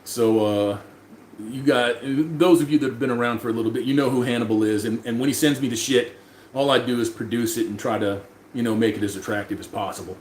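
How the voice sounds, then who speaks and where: Reading chat aloud and tossing off loose, profanity-heavy replies, a man hosts a casual livestream. His medium-pitched voice is steady and a little mellow, moving a little fast, and the audio carries a roomy echo with faint room noise.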